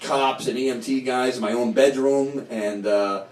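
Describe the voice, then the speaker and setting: A middle-aged man telling a long first-person story at a live storytelling night, rambling and profane, jumping from loud, animated bursts to low mumbles. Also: unhurried, far from the mic. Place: small bar venue with live audience. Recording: echoey room, voice picked up from afar.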